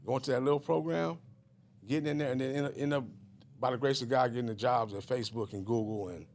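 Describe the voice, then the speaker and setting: A man's voice: medium pitch, fairly even intonation, fast talker, darkish tone. A middle-aged man from Richmond, California, a guest telling his life story in a rambling, casual way with many fillers and restarts.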